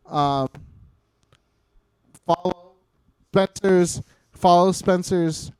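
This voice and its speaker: High-voiced joking podcast host man. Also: fairly even intonation, extremely slow, darkish tone, clean tone, no room sound. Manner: profane, joking, rambling. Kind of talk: casual chat.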